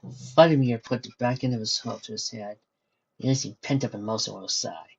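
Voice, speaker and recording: A man narrating a fan-fiction story in a steady storytelling manner, on a dull lo-fi recording. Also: medium pitch, fairly quick, creaky, slightly rough.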